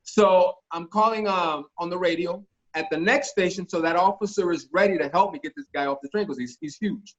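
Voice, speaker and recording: Animated man telling a profane story. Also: high-pitched, a little fast, few pauses. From Miami. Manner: animated, profane, acts out voices in his stories. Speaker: actor guest telling stories. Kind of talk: casual storytelling interview. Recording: dull lo-fi podcast audio.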